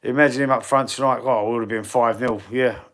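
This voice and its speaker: Talking fast with fairly even intonation, this Cockney football fan from England runs a relaxed live stream, reading chat aloud and rambling in slang. His medium-pitched voice is fairly bright, and he chats on, repeating words and starting over.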